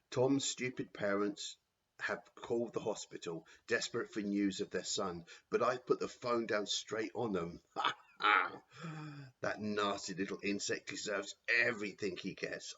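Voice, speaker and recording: A man's voice: lowish voice, pushed and bright, muffled recording. A man voicing a cruel, power-hungry headmaster who boasts gleefully in a storybook reading.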